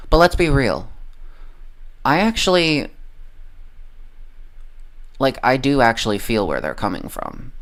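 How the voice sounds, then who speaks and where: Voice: medium pitch, wildly swooping pitch, unhurried, long pauses. A livestreamer ranting casually about politics, heavily profane and rambling, often losing the train of thought.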